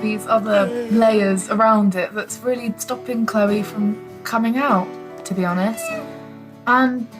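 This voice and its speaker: A young British woman speaking candidly and hesitantly to her camera, with many fillers. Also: mid-range voice. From Britain. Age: young adult. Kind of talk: self-filmed documentary confession.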